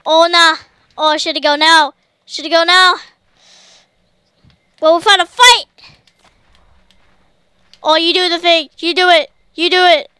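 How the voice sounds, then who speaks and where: Very high-pitched gamer woman, bright sharp voice that jumps to yelling at the game, dry close sound, talks at the screen like the creatures can hear her. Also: normal speed, no room sound. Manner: excitable, yells commands at the game. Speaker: gamer streamer. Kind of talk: casual let's play commentary.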